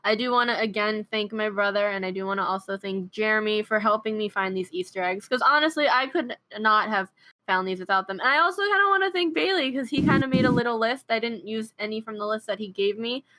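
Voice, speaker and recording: A woman's voice: medium pitch, fast, bright, forceful tone. A woman hosting a casual podcast chat with friends, easygoing and chatty. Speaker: podcast host.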